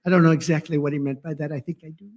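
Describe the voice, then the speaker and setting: A man's voice: a little high, fairly even intonation, racing, a little mellow. A man giving a rambling, off-the-cuff political speech at a conference, full of sarcasm and digressions.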